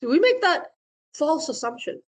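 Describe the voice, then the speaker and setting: A woman who is a meditation teacher and therapist gives a playful dharma talk, laughing often and posing questions to her listeners. Her voice sits high and sing-song at a moderate pace, and her first language is Vietnamese.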